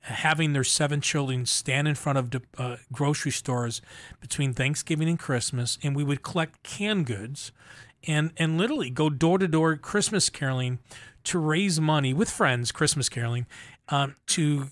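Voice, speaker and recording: Middle-aged male host, earnest heartfelt storyteller, slightly higher voice, dry studio. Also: moderate pace, no room sound. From Buffalo, New York. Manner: earnest, heartfelt, repeats words when moved. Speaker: show host. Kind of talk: conversational radio interview.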